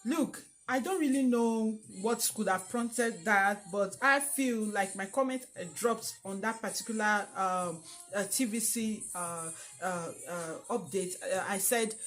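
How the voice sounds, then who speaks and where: A woman's voice: medium pitch, unhurried, a bit bright, soft background music. A young woman, chatting to camera in an opinion vlog, with many fillers and long thanks to her viewers. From Nigeria. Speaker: vlogger.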